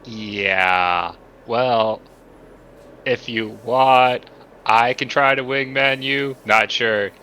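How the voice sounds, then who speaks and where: Playful bright-voiced man at the table. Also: medium pitch, drawn-out words, a little hiss or hum, poor audio. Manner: playful, rambling, joking. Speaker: player voicing his character Tiny. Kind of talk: in-character tabletop role-play.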